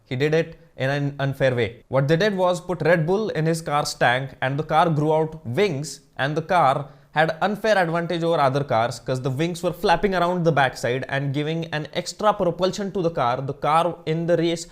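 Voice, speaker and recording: A man's voice: on the high side, moderate pace, hardly any pauses. A young man doing crude stand-up comedy alone in his room into a camera. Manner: crude, deadpan-to-excited comic delivery. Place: own room. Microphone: camera mic.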